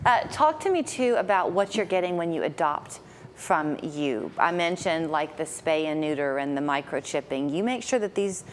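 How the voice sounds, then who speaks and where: Low-voiced woman TV news host. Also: expressive, moderate pace, a little hiss or hum. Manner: warm conversational, guides the guest with questions. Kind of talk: TV interview hosting. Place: local TV news studio.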